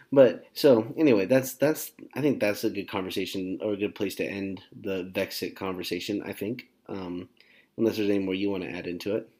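A man co-hosting a podcast, talking in a halting, searching way full of restarts. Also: deep voice, darkish tone. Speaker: podcast co-host. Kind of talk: casual chat.

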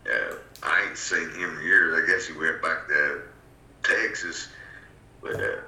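A man in casual podcast chat, halting with many fillers and swearing freely. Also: rumbling low, steady tone, pushed and bright, echoey room. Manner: halting, profane, drawling. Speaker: podcast co-host.

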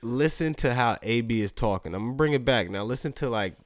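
Lively, animated podcast man. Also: mid-range voice, a little fast, no echo, clean studio sound. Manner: laughing, animated commentary. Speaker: podcast co-host. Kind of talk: casual chat reacting to a clip.

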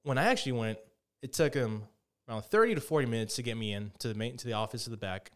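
A young man chatting on a podcast in a rapid-fire, profane rant. He tumbles through his story quickly and keeps slipping into mimicked voices. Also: mid-range voice, a bit bright. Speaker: podcast host. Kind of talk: casual chat.

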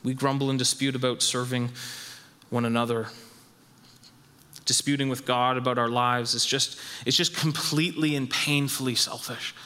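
A man preaching a sermon as pastor, emphatic and repetitive, his voice rising high when he stresses a point. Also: little pitch movement, normal speed, bright, forceful tone, clean tone, big-room sound. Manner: emphatic, repeats phrases, rises in pitch when stressing a point.

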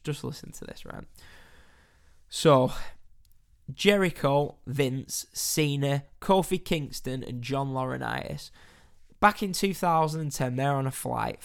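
A man's voice: mid-range voice, vocal fry. A man hosting a wrestling news podcast, chatting casually and wryly reading stories aloud. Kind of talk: casual solo podcast chat.

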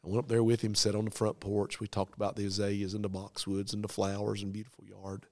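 A man's voice: lowish voice, completely flat delivery, fast, no room sound. A middle-aged preacher, telling a story from his own life in an earnest, folksy way. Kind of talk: dramatic storytelling testimony.

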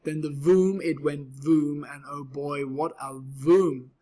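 A man's voice: on the high side, steady tone, slow, dark tone. A man reading a rhyming children's storybook aloud with a rhythmic, sing-song delivery. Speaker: storybook reader.

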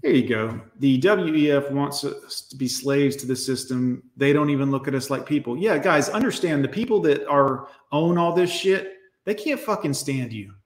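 A man's voice: mid-range voice, moderate pace, few pauses, reverberant. A man hosting a livestream who rants bluntly and swears often as he speaks straight to his viewers. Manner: blunt, profane, emphatic ranting; addresses viewers directly. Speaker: livestream host. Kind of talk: ranting livestream commentary.

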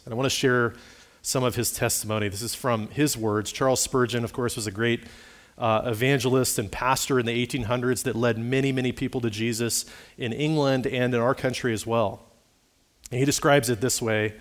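A man, a pastor preaching a sermon and reading a quoted conversion testimony aloud with rising emphasis. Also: mid-range voice.

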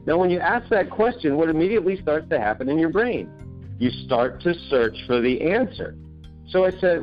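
Emphatic self-help author telling a story. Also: male voice, medium pitch, big pitch swings, a little fast, dull audio, faint music behind. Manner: emphatic, acts out his own questions with rising energy. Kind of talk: animated storytelling in an interview.

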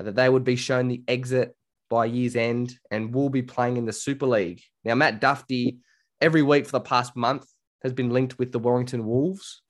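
An Australian man co-hosting a casual podcast chat, telling stories in a chatty, animated way. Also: mid-range voice. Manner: chatty, animated storytelling with quoted voices. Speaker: podcast co-host.

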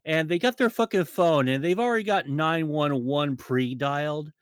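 Man, fairly high voice, crude, rambling, animated, dry close sound. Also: normal speed, clean tone, no room sound. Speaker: frequent podcast guest. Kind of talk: casual podcast banter.

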